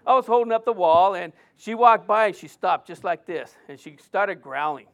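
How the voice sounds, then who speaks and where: A middle-aged man preaching a sermon, telling a personal story in a lively way with many restarts and fillers. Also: high voice, moderate pace, lo-fi sound.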